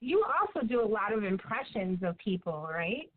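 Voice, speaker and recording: A woman hosting a casual interview, encouraging and quick to laugh. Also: medium pitch, sing-song. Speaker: host. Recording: tinny phone line with faint noise.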